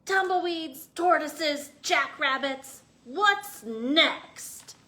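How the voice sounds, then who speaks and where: Hank, a woman playing a yelling grumpy cactus. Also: sits high, animated, extremely slow, pitched above the performer's own voice, exaggerated voice. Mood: annoyed. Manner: shouting, gruff and irritable. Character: grumpy, prickly male cactus who yells. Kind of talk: storybook read-aloud.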